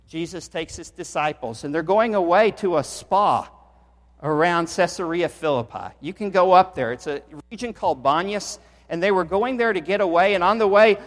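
A middle-aged man preaching a sermon as pastor, telling stories with animation and building to emphatic peaks. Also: a little high. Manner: animated storytelling, swells in volume for emphasis. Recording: long reverb of a large hall.

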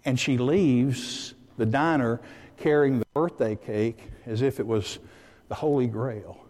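A man preaching a sermon and telling a story in a lively way, acting out the voices of the people in it. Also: medium pitch, measured pace, big-room sound.

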